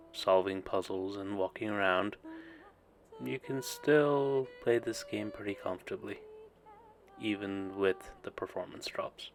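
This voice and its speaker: A man talks over gameplay in a voice-over, slowly and evenly, with a lowish voice. He explains performance in a plain, measured way. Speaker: tech reviewer.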